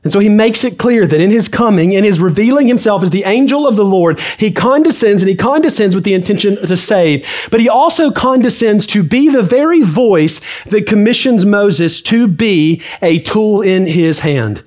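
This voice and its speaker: A man's voice: high voice, animated, normal speed, hardly any pauses, darkish tone. A man preaching a sermon as pastor, emphatic and repetitive. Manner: emphatic preaching with repeated phrases. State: out of breath.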